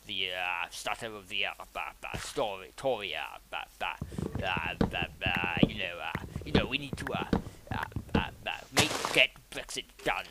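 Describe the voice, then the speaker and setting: Impression: a man doing a blundering politician, older, stammering and dithering, lowish voice over loud background noise and clicks. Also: expressive, normal speed. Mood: blustering. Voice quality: stammering, dithering with many filler sounds. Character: blustering, stammering older British male politician.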